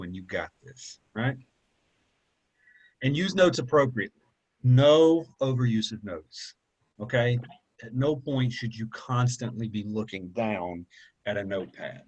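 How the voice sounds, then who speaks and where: Speaking at a normal pace in a mid-range voice with a breathy edge, a man teaches a college public speaking class in a relaxed, conversational way. He goes over points more than once and keeps asking "okay?" and "right?", and the recording quality is low.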